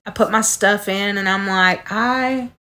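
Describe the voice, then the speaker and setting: A woman's voice: mid-range voice, a little slow, pushed and bright. A woman telling a personal story earnestly on a casual podcast, talking straight to her listeners. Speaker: podcast co-host.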